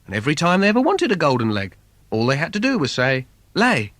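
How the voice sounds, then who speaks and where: Lively man telling a silly fairy tale. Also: a little high, fast, dry recording. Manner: playful, sing-song storytelling with wordplay. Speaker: storyteller. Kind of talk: comic fairy-tale reading for children. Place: recording studio. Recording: dry studio recording.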